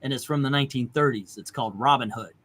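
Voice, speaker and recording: A man's voice: mid-range voice, quick pace, a bit bright. A man hosting a casual movie chat, reading out viewer comments and eagerly retelling favorite scenes. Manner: enthusiastic, retells scenes in detail. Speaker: host.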